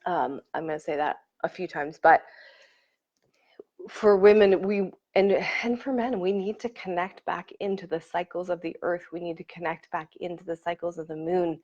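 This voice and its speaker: A woman's voice: fairly low pitch, normal speed. Effusive woman coach on a dull stream. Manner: warm and effusive, reads and greets commenters. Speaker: coach leading a live online workshop. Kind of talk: casual live-stream talk to viewers. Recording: slightly dull lo-fi stream audio.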